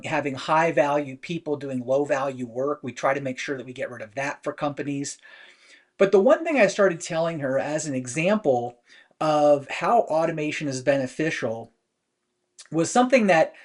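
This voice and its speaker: A man with a fairly high voice hosts a weekly business talk. He speaks conversationally and rambles a little, leaning on fillers as he tells stories from work. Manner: conversational storytelling with many fillers. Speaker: host.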